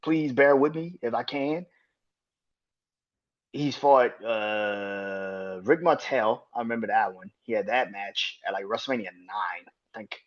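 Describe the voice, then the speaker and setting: A man hosting a casual solo podcast, talking in an excitable, profane way, laughing and getting loud when worked up. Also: on the low side, a little slow, dull audio. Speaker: podcast host.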